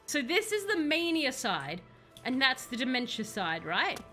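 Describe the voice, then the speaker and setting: Bright high-voiced chatty woman streamer. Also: sing-song, a little slow, faint music behind. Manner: chatty, rambling, playful joking asides. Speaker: game streamer. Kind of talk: casual live-stream chat while playing.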